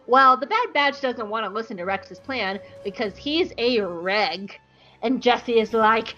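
A woman's voice: a little high, a little slow, sharp tone, muffled recording, faint music behind. A woman podcast host giving a casual, sarcastic and playful episode recap. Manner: sarcastic and playful, jumps into voices.

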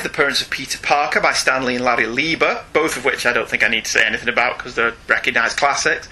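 Bright and forceful in the middle range, a man's voice carries a laid-back podcast conversation as he co-hosts. He reads listener emails aloud, pokes fun at them, makes jokes at his own expense, and laughs a lot.

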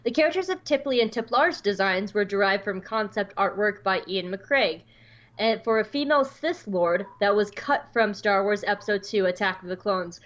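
A woman's voice: medium pitch, moderate pace. Chatty Southern-raised woman, lo-fi. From American South. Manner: chatty, animated, acts out quoted dialogue. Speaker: podcast host. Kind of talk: casual chat.

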